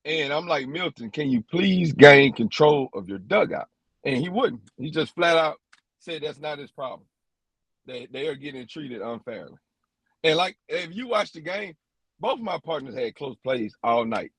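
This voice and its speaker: A man's voice: on the high side, animated, normal speed, fairly bright tone, breathy edge, no room sound. A man, an umpire, recounting a tense game in a podcast interview, quoting exchanges word for word.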